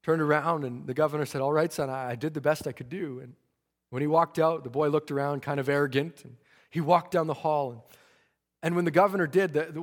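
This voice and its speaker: A man's voice: fairly high pitch, brisk. A man preaching a fervent revival sermon, stammering into restarts and acting out the people in his story. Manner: fervent, stammering restarts, acts out quoted voices. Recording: long church reverb.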